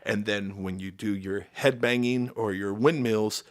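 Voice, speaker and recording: A man's voice: fairly low pitch, unhurried, no echo, clean studio sound. A middle-aged man with an American accent, telling band stories casually as a podcast guest and acting out quotes. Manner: animated storyteller, acts out quotes with sudden loud jumps. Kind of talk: casual storytelling chat.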